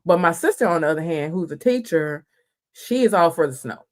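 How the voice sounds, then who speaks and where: A woman hosting a live stream, chatting casually and greeting viewers by name, folksy and quick to laugh. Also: on the low side, expressive. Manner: chatty, folksy, laughs easily, calls viewers girl and honey. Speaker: livestream host.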